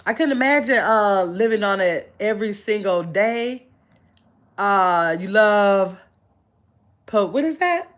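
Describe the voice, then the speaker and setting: A middle-aged woman hosting a casual livestream, chatting easily and reading viewer comments aloud with frequent pauses to look. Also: mid-range voice, expressive. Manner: chatty and easygoing, with frequent "let me see" pauses while reading. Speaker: channel host.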